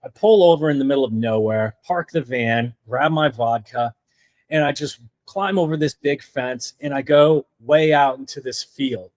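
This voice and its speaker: A middle-aged man speaking in an earnest, unpolished way, with lots of "like" fillers as he tells his story. His voice sits at an ordinary pitch for a man. The recording is dry and close, with no room sound. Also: normal speed, a little mellow, no echo. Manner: earnest, heavy use of "like" fillers. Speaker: podcast guest. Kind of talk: recounting a personal story.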